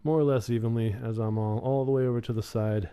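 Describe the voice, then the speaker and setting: A man with a warm, mellow voice talks through technical points on a stream, slow and methodical. His delivery is smooth and resonant, picked up by a studio condenser microphone. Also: fairly even intonation. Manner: explains methodically, thinking aloud. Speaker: livestream co-host. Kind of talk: casual technical chat. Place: home studio in Austin, Texas. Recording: air conditioning hum and computer rumble in the room.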